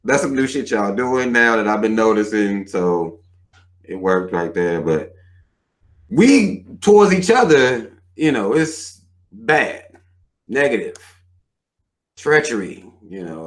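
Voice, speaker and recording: A man's voice: fairly low pitch, very animated, slow, long pauses. A man in his thirties hosting a live show, ranting bluntly and with plenty of profanity. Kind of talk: livestream rant.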